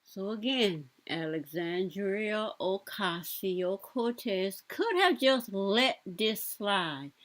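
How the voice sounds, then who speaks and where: A young woman giving casual reaction commentary, blunt and sassy, talking back at the clips she plays. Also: medium pitch. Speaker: commentary vlogger.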